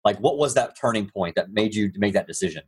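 A man's voice: fairly low pitch, animated, fast, husky. A man hosting an interview, asking loose, rambling questions full of fillers. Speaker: interview host.

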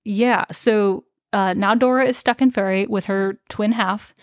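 A woman's voice: medium pitch, steady tone, unhurried, no echo, clean studio sound. A woman co-hosting a podcast, casually recapping a novel, swearing freely and acting out characters' lines. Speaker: podcast co-host. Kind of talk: casual book-discussion chat.

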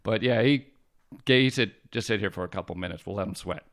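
Fast-talking man recalling old pranks. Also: lowish voice, a bit bright. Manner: quick, chuckling recollection with quoted dialogue. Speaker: podcast guest, fire lieutenant. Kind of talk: casual storytelling chat.

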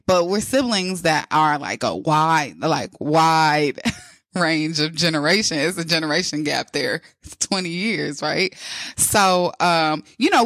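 A woman's voice: low voice, a bit bright, no echo, studio quality. A young adult woman hosting a podcast, talking frankly in a casual monologue and repeating phrases for emphasis. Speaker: podcast host.

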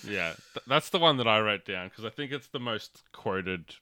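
A man co-hosting a casual podcast chat, relaxed and steering the conversation. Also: on the low side, moderate pace, no echo, studio quality. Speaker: podcast co-host.

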